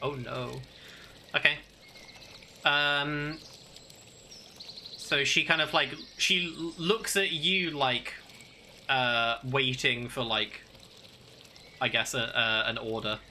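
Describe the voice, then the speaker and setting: A man's voice: medium pitch, takes it slowly, pauses often, bright, forceful tone, a little hiss or hum. A man narrating a tabletop game as game master, hesitant and full of fillers.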